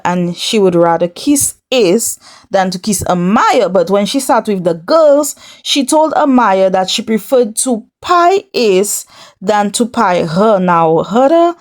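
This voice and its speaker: Sassy chatty woman recapping reality TV. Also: medium pitch. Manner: sassy, chatty, talks straight to viewers and the cast. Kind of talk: casual recap commentary to camera.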